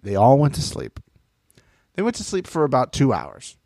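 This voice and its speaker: Brief: male podcast co-host, lively swooping delivery, dry close sound, casual and mocking. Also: mid-range voice, moderate pace, dry recording. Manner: animated, mocking, swears freely. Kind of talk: casual chat about reality TV.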